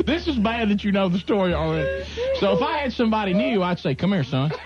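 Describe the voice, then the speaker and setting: A man hosting a radio talk show and telling a story with lively laughter. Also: high-pitched, fast, a loud crowd. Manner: animated storyteller, breaks into laughter and shouted impressions. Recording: dull lo-fi radio audio with loud background noise.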